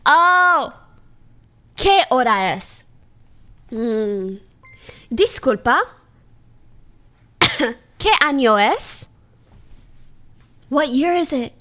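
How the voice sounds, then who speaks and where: Young woman, livestreamer, playful and giggly, slow unhurried delivery, lively pitch. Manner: playful, giggly, sounding out foreign phrases. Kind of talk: casual stream chat.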